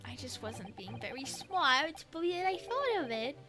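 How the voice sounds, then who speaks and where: A woman's voice: sits high, sing-song, a little slow, sharp tone, faint music behind. A young woman streaming a detective game, chatting playfully with friends and giggling a lot. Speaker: let's play streamer. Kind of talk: casual let's play chat, reading game lines aloud.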